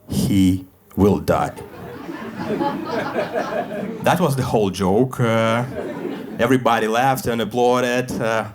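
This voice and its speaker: Russian-accented man doing stand-up. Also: medium pitch. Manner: deadpan, with frequent uh fillers and slips in English. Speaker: stand-up comedian. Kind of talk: stand-up comedy set. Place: comedy club stage.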